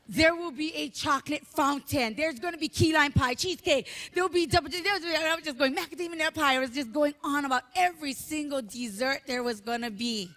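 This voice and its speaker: A woman giving a heartfelt eulogy at a memorial, telling stories with animated emotion. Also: fairly high pitch, creaky. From Hawaii. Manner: emotional, animated storytelling, tearful at moments. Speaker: memorial speaker.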